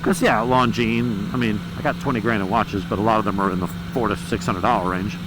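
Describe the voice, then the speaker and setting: A man's voice: on the low side, fairly even intonation, a little fast. A man, a motorcycle vlogger, chatting bluntly and profanely with rambling stories while riding outdoors on a helmet mic. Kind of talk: casual chat while riding. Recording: loud wind and road noise.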